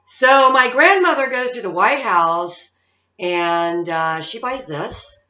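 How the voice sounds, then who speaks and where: A woman's voice: mid-range voice, lively intonation, slow pace, sharp tone. A woman in her fifties, a psychic-medium vlogger, ranting in a casual monologue and tagging her points with "okay?" and "all right?". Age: 50s. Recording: roomy, dull lo-fi sound.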